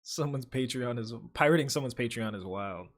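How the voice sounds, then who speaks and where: A man's voice: medium pitch, brisk. A young man hosting a livestream, reading viewer comments aloud and chatting in loose, profane slang full of fillers. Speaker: livestream host.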